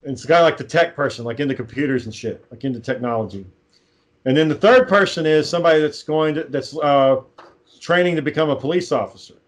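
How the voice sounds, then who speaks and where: A man in casual chat, rambling through a low-budget horror film plot, swearing freely and acting out the characters' lines. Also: fast talker. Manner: rambling, profane, acts out quoted lines. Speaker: amateur filmmaker pitching a script.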